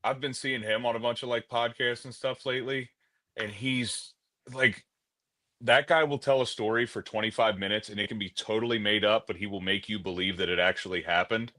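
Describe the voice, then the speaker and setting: A man chatting casually on a podcast, telling animated stories and swearing freely. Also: fairly low pitch, a little fast. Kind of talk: casual chat.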